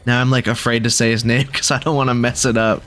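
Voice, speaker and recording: A man's voice: medium pitch, flat delivery, quick pace, fairly bright tone. Chatty man commenting on his gameplay. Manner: chatty, thinks aloud, reacts with sudden exclamations. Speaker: gaming video creator.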